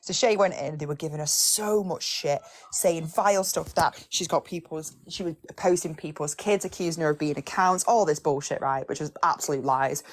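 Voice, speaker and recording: A woman, a livestream guest, retelling online drama in a rapid, gossipy way. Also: low voice. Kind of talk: animated storytelling chat.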